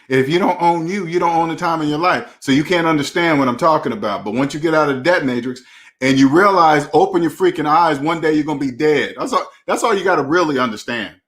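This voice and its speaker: A man delivers a casual monologue as a finance channel host, with a fairly high-pitched voice. He talks bluntly in loose street slang and preaches at the viewer. He hammers his points by repeating the same phrases again and again. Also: expressive, fairly quick, a bit bright.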